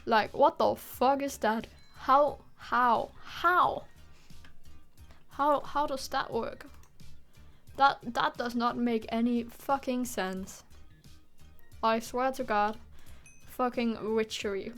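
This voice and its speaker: A woman's voice: on the high side, takes it slowly, long pauses, a bit bright, soft background music. A young woman from Denmark, giving exasperated, swearing commentary while she streams a game. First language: Danish. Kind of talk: live gameplay commentary.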